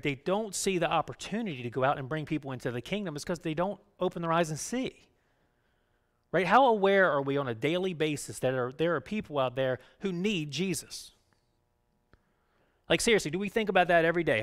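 A man preaching a sermon as pastor, talking conversationally and often checking in with "right?", moving between loud urging and quiet. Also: a little high. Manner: conversational, keeps asking "right?".

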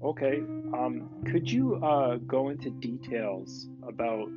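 A man hosting an interview podcast, giving brief soft encouraging replies and questions. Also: mid-range voice, lively intonation, slow pace. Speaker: podcast host. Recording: dull lo-fi audio over clear music.

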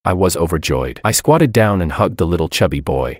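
A man narrating a first-person audiobook story in a dramatic, expressive way. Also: deep voice, a little fast, no room sound, clean studio sound.

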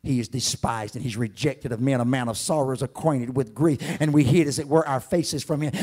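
A man preaching a sermon in church, dropping to hushed Scripture reading and then climbing into shouted, soaring exhortation. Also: on the high side, big pitch swings, normal speed. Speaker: pastor. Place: church sanctuary.

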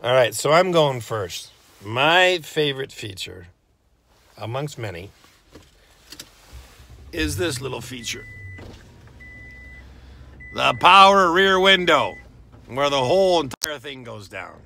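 A man's voice: mid-range voice, sing-song, takes it slowly, gravelly, pauses often, bright, forceful tone. Joking man driving a truck. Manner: joking, dry banter. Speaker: car review co-host, driver. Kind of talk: casual car review chat. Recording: road and engine noise. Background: vehicle road noise.

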